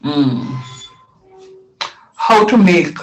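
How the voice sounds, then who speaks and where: A man's voice: on the high side, animated, drawn-out words, fairly bright tone, slight background noise, poor audio. A middle-aged man teaching a live math lesson, repeating phrases and quizzing his students as he explains.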